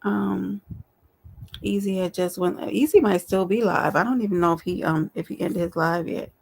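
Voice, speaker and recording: A woman's voice: lowish voice, moderate pace, vocal fry, a little hiss or hum. A woman hosting a casual live stream, talking straight to her viewers in a chatty, affectionate way. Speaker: livestream host.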